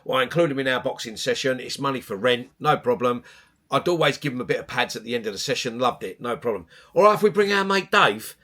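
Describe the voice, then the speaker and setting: A man, a boxing coach telling stories in casual chat, animated and swearing freely. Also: medium pitch, quick pace.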